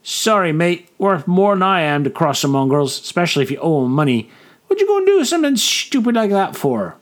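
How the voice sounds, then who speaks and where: Man playing wiry blunt sailor, rough slang, pitched up high, storybook. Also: very animated, brisk.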